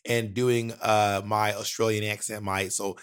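Chatty man telling animated stories. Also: fairly low pitch, a little slow, smooth. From Columbus, Georgia area. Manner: animated storyteller who slips into impressions. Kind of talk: casual chat.

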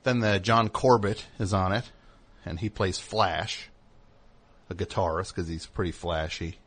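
A man with a fairly low voice hosts a comedy talk show. He rambles along, loose and digressive, full of ums and uhs. He drops into brief mock voices as he goes. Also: fairly even intonation, a little slow, fairly bright tone, husky. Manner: meandering, many fillers, mock voices for bits. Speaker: radio show host.

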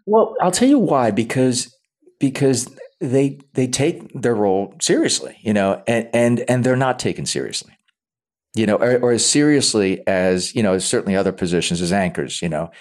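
Male actor guest, deep voice, stop-start delivery in a relaxed chat. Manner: halting, repeats words often while thinking aloud. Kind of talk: casual interview talk.

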